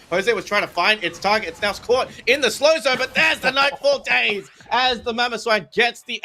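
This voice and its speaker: A man doing excitable play-by-play commentary for an esports match, calling the action quickly with big swings in his voice. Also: slight background noise. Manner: fast excitable calls with pitch swings.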